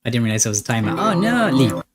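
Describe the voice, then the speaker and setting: A man's voice: mid-range voice, big pitch swings, quick pace, a crowd in the background. A man hosting a gaming video, playfully reading a horror game's text aloud between jokey asides. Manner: playful, reads narration dramatically with laughs and asides. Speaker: gaming channel host. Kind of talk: let's play commentary reading game text aloud.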